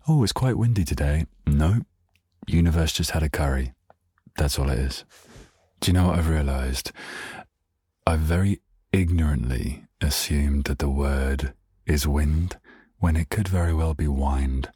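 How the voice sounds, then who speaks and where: A man's voice: a bass voice, a little slow, pauses often, dark tone, breathy edge, no room sound, studio quality. A man hosting a casual solo podcast, playful and rambling off on tangents. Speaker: podcast host.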